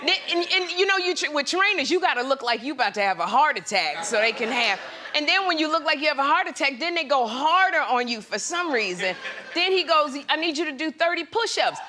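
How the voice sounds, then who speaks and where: High-voiced woman telling a comic story. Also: a little fast, crowd noise. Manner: animated, exaggerated storytelling with acted-out quotes. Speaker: guest talk show host. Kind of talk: comedic talk show storytelling. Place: TV studio with live audience.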